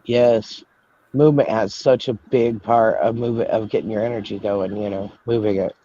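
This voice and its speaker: A man's voice: lowish voice, fairly even intonation, normal speed, dark tone, muffled recording, slight background noise. A man joining a live stream remotely, easygoing and laughing often as he chimes in. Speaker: call-in guest.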